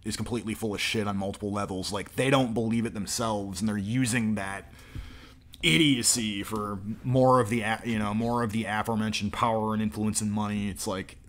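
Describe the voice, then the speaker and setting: A man's voice: lowish voice, steady tone, a little fast, fairly bright tone. A man hosting a livestream, reacting to a played clip with sardonic, mocking commentary full of filler words. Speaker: livestream host.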